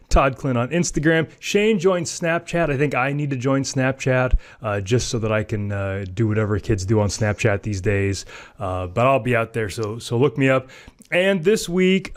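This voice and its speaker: A man hosting a tech podcast, chatting casually in a joking, self-mocking way with plenty of fillers. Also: medium pitch. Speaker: podcast host.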